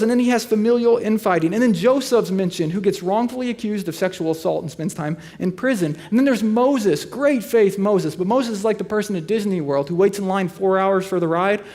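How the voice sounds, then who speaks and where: Man in his 30s, pastor, sermon, dry humor, higher-pitched voice. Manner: conversational storytelling with dry humor; drops to quiet, slow delivery on serious points.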